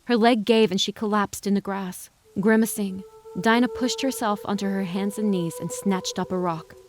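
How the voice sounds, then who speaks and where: A woman reading a western novel aloud as narrator, in an even, measured storytelling voice. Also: medium pitch. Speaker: audiobook narrator. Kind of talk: scripted narration.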